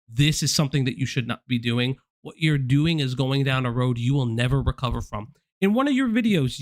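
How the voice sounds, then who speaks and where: A man rants on a stream, heated and full of swearing as he lectures someone who is not in the room. His voice sits a little high. The sound is dry and close, with no room around it. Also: no room sound. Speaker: stream host. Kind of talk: angry commentary stream.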